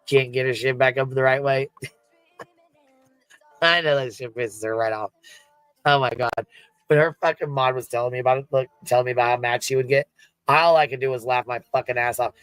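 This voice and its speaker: A man's voice: medium pitch, steady tone, normal speed, pauses often, a bit bright, clean tone, no room sound, low-quality recording. A man streaming live, talking casually, swearing constantly and laughing through his words.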